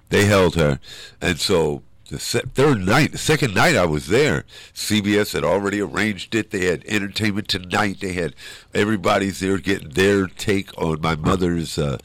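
A man with a strikingly low voice, speaking as an interview guest. He tells a personal story with feeling, slipping into the voices of the people he quotes. The sound is dry and close, with no room around it. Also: dry recording. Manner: animated storyteller who acts out quoted voices.

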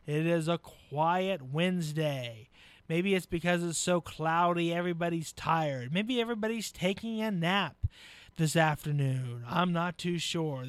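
A man hosting a live local radio show, casual and folksy, chuckling, with filler pauses. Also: high-pitched, dry recording. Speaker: radio host. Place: radio studio.

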